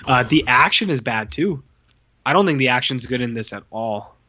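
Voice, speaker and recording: A man co-hosting a podcast, bluntly and profanely ranting about a film he disliked, his voice going a little hoarse. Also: medium pitch, expressive, moderate pace, bright, forceful tone. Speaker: podcast co-host. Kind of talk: casual film review chat.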